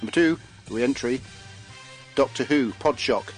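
A man's voice: medium pitch, a little slow, low-quality recording. A man hosts a casual podcast chat, reading out a chart in a jokey way and laughing easily. He stumbles over words now and then. Faint music plays under his voice.

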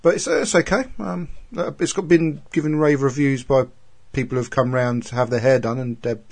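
A man's voice: medium pitch, steady tone, brisk, darkish tone. A man hosting a casual podcast chat, talking in a rambling, hesitant way. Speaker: podcast host.

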